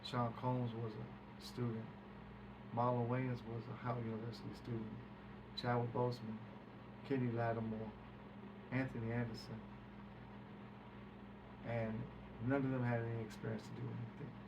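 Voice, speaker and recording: A man's voice: mid-range voice, monotone, normal speed, vocal fry. A man recounting a story as a guest, acting out quoted speech and swearing freely. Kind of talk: animated storytelling. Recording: distant mic with background hiss.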